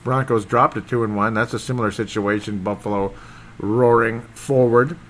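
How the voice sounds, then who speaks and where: A man hosting a casual football recap podcast, rambling and excitable, often losing his train of thought. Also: on the low side, normal speed, a little hiss or hum. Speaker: sports podcast host.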